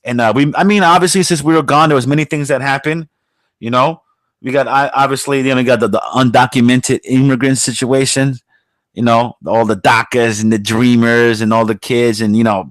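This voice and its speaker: A man's voice: medium pitch, dry recording. A man hosting a podcast, giving a blunt, profane, rambling opinion monologue full of fillers and now and then mocking others in a raised put-on voice. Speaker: podcast host.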